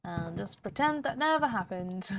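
A woman's voice: mid-range voice, animated, unhurried. A woman casually commentating a game for her viewers, chatty and laughing often. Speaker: gaming video host. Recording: faint background noise and clicks.

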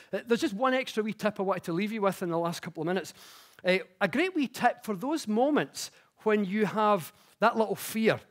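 A man speaks from a conference stage with a high, light voice. He explains ideas plainly, then slips into chatty, self-mocking stories told with growing energy. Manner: chatty, self-mocking storytelling that grows animated. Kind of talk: public talk with personal anecdotes. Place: conference stage before an audience.

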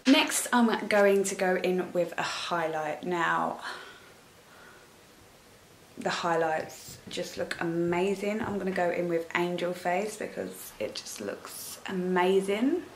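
A woman's voice: on the low side, animated, slow pace, slight background noise. A young woman doing a casual makeup tutorial, chatting in a rambling way and gushing over the products. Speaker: beauty vlogger. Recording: echoey room.

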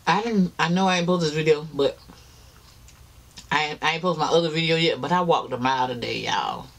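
Eating on camera for a mukbang vlog, a tired man talks chattily and directly to "y'all," pausing to chew. He speaks briskly in a somewhat high, slightly bright voice.

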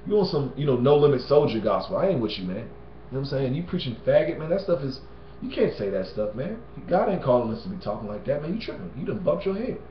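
Man of average pitch teaching scripture in loose, street-casual talk, recorded in a roomy space with muffled lo-fi sound. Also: very animated, fast, slight background noise. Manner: slangy and conversational, often tags "you know what I'm saying" and "man". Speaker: Bible teacher.

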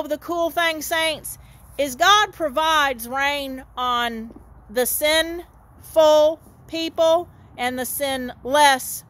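High-voiced, slow woman preaching. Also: fairly bright tone. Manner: folksy, repetitive, keeps calling the listeners "saints". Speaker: street minister. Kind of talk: informal outdoor sermon. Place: outdoors in a dry horse lot.

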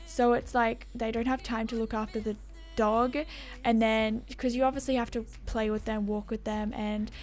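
A woman's voice: fairly high pitch, level tone, moderate pace, a little mellow, faint music behind. A young Australian woman chatting casually as a gaming YouTuber, rambling and self-deprecating as she answers viewer comments.

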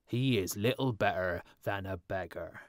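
A self-important middle-aged town mayor from a fairy tale, loud and emphatic, played by a male reader. The voice stays fairly low but is pushed up in volume for his pronouncements. It is recorded dry and close. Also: a little slow, no echo. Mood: pompous.

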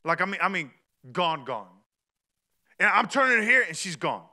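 A man, preaching a sermon in a chatty, storytelling way that rises to shouts. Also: high-pitched, big pitch swings, normal speed. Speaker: pastor.

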